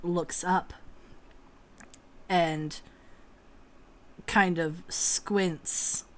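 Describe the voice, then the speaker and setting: Woman game master, tabletop narration, slow, lowish, playful. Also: steady tone. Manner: laughs easily, jokes about her voices.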